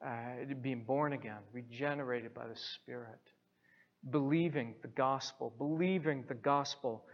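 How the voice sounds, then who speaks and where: A man's voice: mid-range voice, measured pace. A male pastor preaching a sermon emphatically, repeating phrases for stress. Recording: muffled sound in a reverberant hall.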